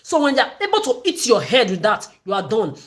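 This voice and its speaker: A woman's voice: on the high side, huge pitch swings, fast talker. A woman delivering an angry, accusatory livestream rant, repeating herself as she goes. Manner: ranting, accusatory, repetitive.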